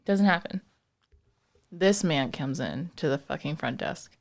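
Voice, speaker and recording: Young woman, podcast co-host, casual storyteller with a lively, swinging pitch and plenty of cursing. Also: unhurried. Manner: animated storytelling, acts out quotes, frequent swearing. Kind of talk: casual chat.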